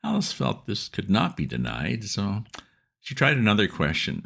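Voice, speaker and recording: A man reading a classic storybook aloud as narrator, lively and expressive. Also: fairly low pitch, moderate pace, gravelly.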